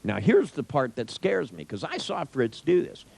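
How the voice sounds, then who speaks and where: A man's voice: a little high, wildly swooping pitch, normal speed, gravelly, a little mellow, no echo, low-quality recording. A middle-aged man telling an anecdote in a wry, irreverent way, swearing freely. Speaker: storyteller. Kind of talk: profane anecdotal storytelling.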